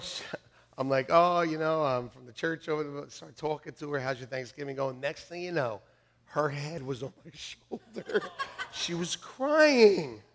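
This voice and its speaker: A male pastor preaching a sermon to his congregation, telling stories in a lively way that swings from loud outbursts to quiet asides. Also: a little high. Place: church sanctuary.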